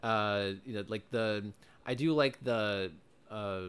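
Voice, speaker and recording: Young man, bright tone, opinionated casual podcast reviewer, lots of "like" and "you know". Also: fairly low pitch, slow pace, clear, resonant tone. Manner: opinionated, filler-heavy. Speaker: podcast co-host. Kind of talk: casual movie review chat.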